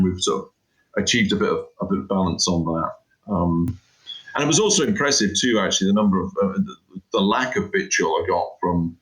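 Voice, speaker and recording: Here a middle-aged guest talks about his work in an informal interview, emphatic and rambling, with frequent "you know"s. He has a deep voice that's somewhat bright, and the audio is poor.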